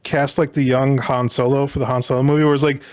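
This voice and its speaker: A young adult man co-hosting a podcast in easygoing casual chat. He deliberately keeps his voice soft and restrained. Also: medium pitch, level tone, dry recording, clean studio sound. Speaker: podcast co-host.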